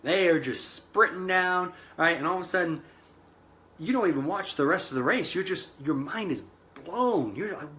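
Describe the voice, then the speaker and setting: A man coaching on network marketing, telling a long story in an animated way and acting out the voices he quotes. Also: fairly high pitch, fairly quick. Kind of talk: motivational vlog talk.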